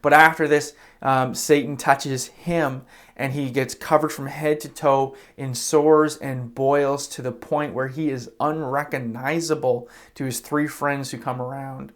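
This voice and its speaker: A man's voice: mid-range voice, fairly even intonation, unhurried. A man preaching a sermon as pastor, retelling scripture in a casual, conversational way and briefly acting out the characters' lines. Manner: casual storytelling, acts out quoted characters; conversational with fillers like "you know" and "like".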